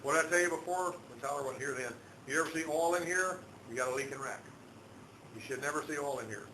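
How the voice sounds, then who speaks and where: A man's voice: a little high, quick pace. A male automotive instructor lecturing a class, quizzing students and drilling terms by repetition. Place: auto shop classroom. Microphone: far camera. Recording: echoey shop with loud background noise.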